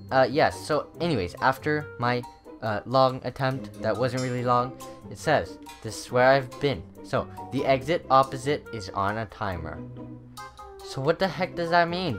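An excitable gamer narrates a maze run in let's-play style, muttering under their breath before bursting into high panicked yelps. The voice swings widely in pitch, and faint game music plays underneath. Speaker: gamer playing a maze map.

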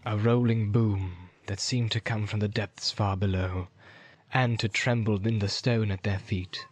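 A man narrating a fantasy audiobook in a steady, dramatic storytelling manner. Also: lowish voice, a little slow, slightly rough, no echo. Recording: loud music under the voice.

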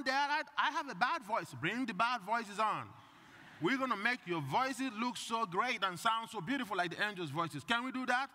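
High bright-voiced priest preaching. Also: male voice. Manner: conversational, asks the congregation questions. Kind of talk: sermon. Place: church. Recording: long reverb in a church.

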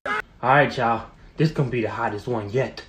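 A man's voice: medium pitch, normal speed, over a noisy crowd. A man hyping up a hot sauce challenge, announcing each item in turn. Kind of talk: food challenge video.

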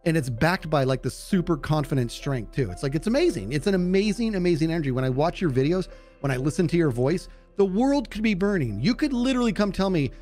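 A man chatting earnestly during a game, warmly and effusively praising another player. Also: on the high side, very animated, fast talker, soft background music. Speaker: fellow player. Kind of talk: casual chat.

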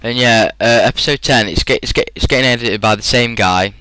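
A man's voice: mid-range voice, fairly quick, pushed and bright, clean tone, dry recording, poor audio. A young man in his teens with a British English accent, chatting rambly and casually as a gaming commentator, full of fillers. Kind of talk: casual storytelling over gameplay.

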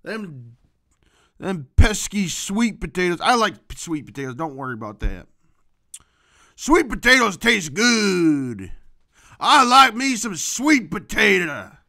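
A man delivering a rambling comedic monologue to camera as the host of his own show, swinging between loud outbursts and low muttering. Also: sing-song, takes it slowly. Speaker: vlogger.

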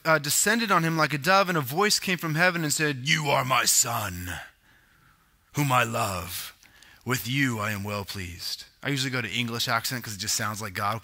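Male pastor, sermon, chatty teaching tone with asides, bright and forceful. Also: a little high. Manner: conversational teaching with asides and self-corrections.

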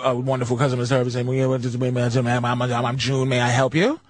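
A man's voice: medium pitch, flat delivery, fairly quick, pitched below the performer's own voice, lightly acted. A man voicing a hesitant female customer service phone rep who stammers and is overly polite. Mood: fumbling.

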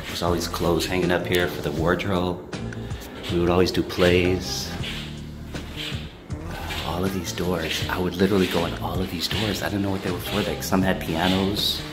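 A man talking casually as he walks and films, reminiscing and sometimes dropping to a hush. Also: deep voice, level tone, moderate pace, loud music behind the voice. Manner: reminiscing, hushed at times. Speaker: vlogger. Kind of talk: casual walking vlog.

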